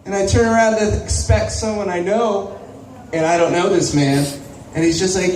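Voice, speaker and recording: Wry high-voiced stand-up comic. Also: male voice, normal speed, darkish tone. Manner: wry, self-deprecating, works the front row. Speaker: stand-up comedian. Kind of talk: stand-up comedy. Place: small comedy club. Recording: echoey club, from far off, faint noise.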